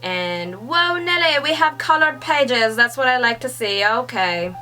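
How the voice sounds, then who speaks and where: A young woman reading a comic aloud and reacting as she goes, excitable and laughing, sometimes hushed and sometimes squealing. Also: on the high side, a little slow, soft background music, poor audio. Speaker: manga reaction reader. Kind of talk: casual read-along reaction.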